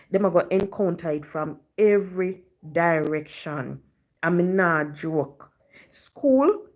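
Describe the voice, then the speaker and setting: Jamaican woman, slightly low voice. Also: darkish tone. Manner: chatty patois storytelling, leans on "you know". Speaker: live-stream host. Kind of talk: casual storytelling to viewers.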